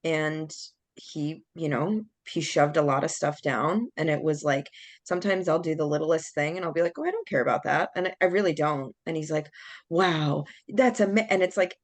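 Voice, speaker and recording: Low-voiced woman telling a story. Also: normal speed, no echo. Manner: candid, animated storytelling with acted-out quotes. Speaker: podcast host. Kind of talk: casual podcast chat, telling a personal story.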